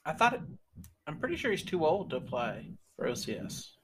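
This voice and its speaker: A man's voice: fairly high pitch, sing-song, brisk. A man co-hosting a podcast, teasing and sarcastic in casual banter. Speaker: podcast co-host.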